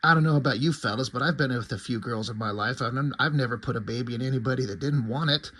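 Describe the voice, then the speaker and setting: A man's voice: medium pitch, fast, fairly bright tone. A man in his forties giving a casual, crude and rambling comic read-through. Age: 40s. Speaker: comic book reviewer.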